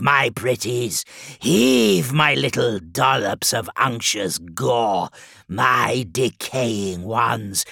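A man voicing a fat, waddling male demon piper who yells gloating orders at his horde. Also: creaky, no echo, studio quality, exaggerated voice. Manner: shrill, gloating, yelling orders.

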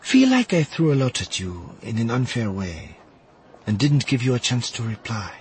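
A man voicing a guarded young woman who speaks softly and wryly. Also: mid-range voice, very animated, moderate pace, slight background noise, pitched above the performer's own voice. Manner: soft, wry, hesitant. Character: guarded young woman softening toward a suitor.

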